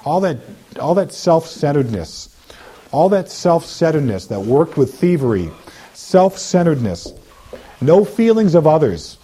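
A man's voice: fairly high pitch, big pitch swings, unhurried, mellow, breathy edge. A man leading a deliverance prayer, commanding spirits to come out and mimicking the voices of sinners in between. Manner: commanding, repetitive, slips into mocking voices of sinners. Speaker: deliverance minister.

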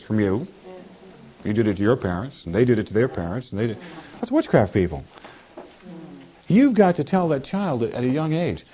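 A man preaching a sermon in an animated way, with humorous asides. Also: on the high side, a little fast.

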